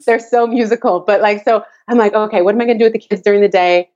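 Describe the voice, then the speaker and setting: A woman's voice: mid-range voice, fast talker, lo-fi sound. A woman guest, a dance teacher, chatting casually in an interview and telling stories animatedly with frequent laughter. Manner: animated storyteller, laughs often, acts out her child's voice. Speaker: guest, tap dance teacher and course creator. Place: home office at the back of the garage.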